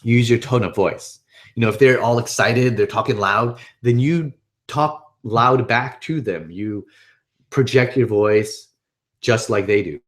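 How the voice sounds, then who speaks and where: A man with a medium-pitched voice presents a webinar at an unhurried pace, keeping the instructional talk casual and upbeat. He's conversational and keeps checking in with the listener by asking "right?".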